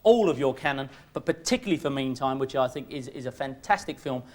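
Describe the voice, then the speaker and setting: A man hosting a comic chat show, excitable, stammering and laughing loudly. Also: mid-range voice, quick pace.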